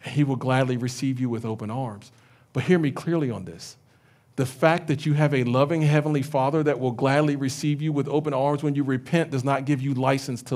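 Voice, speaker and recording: A man preaching a sermon as pastor, animated, retelling scripture in everyday speech. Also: mid-range voice. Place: church sanctuary.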